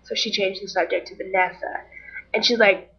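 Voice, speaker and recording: Speaking straight to the camera, a chatty young woman tells a story in a casual vlog, acting out the people she quotes. Her slightly husky, mid-range voice keeps a fairly even intonation and moderate pace, and the audio is dull and lo-fi.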